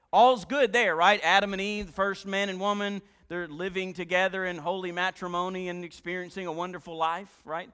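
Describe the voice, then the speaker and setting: A man preaching a sermon, throwing questions to the congregation and answering them, swinging between emphatic loud lines and hushed low ones. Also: in a large hall. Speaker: pastor.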